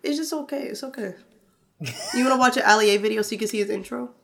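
A woman's voice: on the high side, fast talker, gravelly, fairly bright tone, slight background noise. A woman hosting a casual podcast among friends on a remote call, loose and joking, laughing often and swearing casually. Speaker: podcast host.

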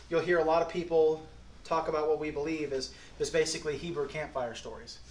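A man's voice: fairly high pitch, flat delivery, brisk. Folksy, earnest man preaching in an echoey hall. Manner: earnest, folksy, swings between quiet and emphatic. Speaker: pastor. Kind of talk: sermon.

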